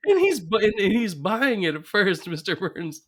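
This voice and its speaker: A man's voice: sits high, sing-song, moderate pace, a bit bright. A man co-hosting a podcast in casual chat, animatedly retelling scenes and laughing often. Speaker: podcast co-host. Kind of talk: casual chat recapping an episode.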